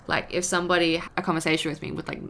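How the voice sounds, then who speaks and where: A young woman chats casually on her vlog, rambling from thought to thought and acting out her own frustrated rants. Her voice sits low with a gravelly fry, but it carries a bright, forceful edge. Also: level tone, racing, a little hiss or hum. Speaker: vlogger. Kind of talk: casual talk to camera.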